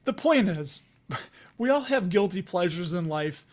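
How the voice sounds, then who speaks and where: A man's voice: sits high, lively intonation, unhurried. A man with a Chicago accent hosting a casual livestream, rambling and chatty, laughing often as he talks to viewers. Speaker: investing livestream host.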